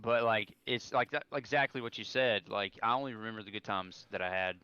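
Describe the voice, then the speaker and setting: Young soldier guy rambling through a story, bright clear voice, kinda dull lo-fi sound. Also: lowish voice, steady tone, brisk, dry recording. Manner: rambling, full of fillers and restarts, acts out quotes. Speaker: guest, serving soldier. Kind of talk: casual storytelling over beers.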